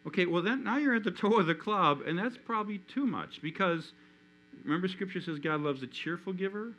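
Lively, animated man preaching. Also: high voice, fairly quick, poor audio. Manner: animated, acts out inner voices of his listeners. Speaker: pastor. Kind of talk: sermon. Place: church.

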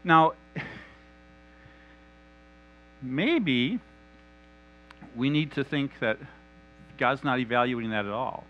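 A man preaching a sermon in an animated, conversational and humorous manner. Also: mid-range voice, slow pace, long pauses, dull audio.

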